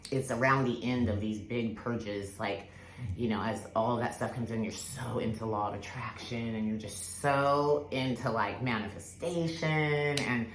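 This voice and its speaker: A woman's voice: rumbling low, unhurried. A woman telling a personal spiritual story in casual, rambling talk, full of fillers and restarts, with the odd swear word. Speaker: spiritual vlogger. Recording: echoey room with faint background hiss.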